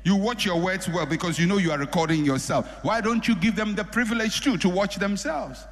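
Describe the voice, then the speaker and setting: A middle-aged man preaching a sermon as a pastor, animated, acting out the people he quotes. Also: sits high, normal speed. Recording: long hall reverb.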